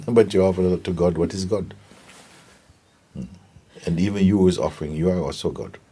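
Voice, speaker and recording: A man giving a gentle spiritual talk and telling stories, often checking in with his listeners. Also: sits low, slightly rough. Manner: gentle, unhurried, keeps asking "you see?". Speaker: spiritual teacher.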